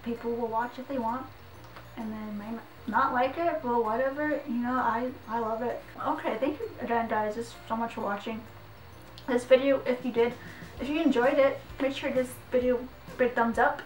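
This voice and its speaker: A young woman, chatting excitedly through an unboxing vlog, giggling and saying "like" a lot. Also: on the high side, normal speed, distant mic, slight background noise. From Canada. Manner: excitable and giggly, heavy use of "like". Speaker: vlogger. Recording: echoey room, voice off-mic, faint music.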